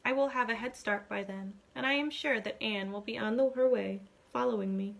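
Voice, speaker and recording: A woman teacher reading a novel aloud to her class, expressive, giving the characters their own voices. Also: fairly high pitch, a little fast, creaky. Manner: expressive storytelling, voicing the dialogue.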